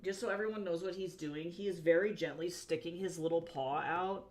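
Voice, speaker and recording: A woman's voice: fairly low pitch, brisk, darkish tone. Chatty woman streaming, cooing at her cat. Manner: chatty, talks fondly to her cat while working. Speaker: comic artist streaming her drawing. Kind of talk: casual livestream chat. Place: home desk at a drawing tablet.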